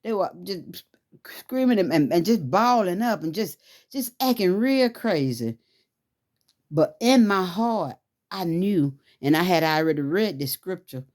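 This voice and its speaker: A woman's voice: on the low side, expressive, a little slow, a little mellow. A woman telling a fervent religious testimony, pleading and rising into cries as she recounts a dream. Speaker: testimony speaker.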